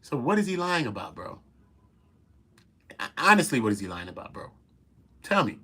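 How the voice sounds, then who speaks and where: A man hosting a casual commentary show, talking in an animated, profane and incredulous way. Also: mid-range voice, normal speed, husky. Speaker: commentary host.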